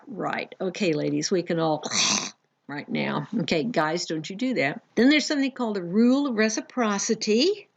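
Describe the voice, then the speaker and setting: Conversational woman teaching a psychology class. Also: medium pitch. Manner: conversational, animated, acts out examples. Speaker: college psychology instructor. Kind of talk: recorded lecture. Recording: dull lo-fi lecture recording.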